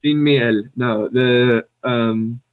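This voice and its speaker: American guy guessing out loud, laughs a lot, sounds like a thin phone line. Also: medium pitch, fairly even intonation, drawn-out words, clear, resonant tone. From United States. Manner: thinks aloud, laughs easily. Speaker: podcast co-host. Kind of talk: casual bilingual chat.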